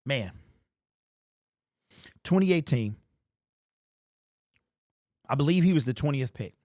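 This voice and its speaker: A man's voice: medium pitch, expressive, slow, a little mellow, dry recording, clean studio sound. A man hosting his own fan channel and giving emotional sports commentary. He talks casually, repeats himself, and keeps saying "bro" and "man.".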